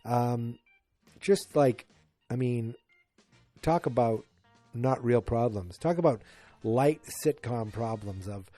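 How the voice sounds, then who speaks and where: Faint music plays behind a man in his forties whose mid-range voice is mellow and free of room sound. Hosting a casual solo podcast, he rambles and cracks jokes as he recounts a sitcom episode, acting out lines in quick bursts.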